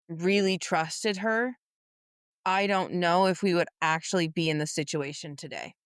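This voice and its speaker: A woman co-hosting a book podcast, speaking in a measured, thoughtful way and swearing casually. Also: on the low side, a bit bright, clean tone, no echo, studio quality. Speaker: podcast co-host.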